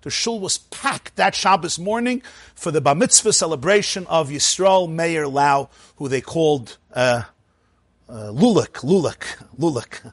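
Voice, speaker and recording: A man preaching, telling a story in an animated, conversational way with frequent asides. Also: a little high, a little slow, breathy edge, dry recording. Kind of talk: sermon storytelling.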